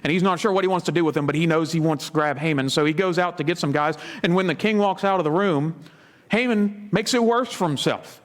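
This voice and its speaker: A man's voice: a little high, a little fast. A man preaching a sermon as a pastor, retelling a Bible story dramatically with casual asides. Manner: conversational asides.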